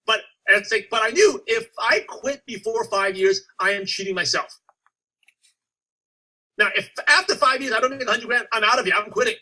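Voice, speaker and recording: A man giving a motivational coaching talk to a sales team, telling stories and acting out his past self with animated energy. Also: high-pitched, normal speed, rough recording. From United States. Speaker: network marketing coach.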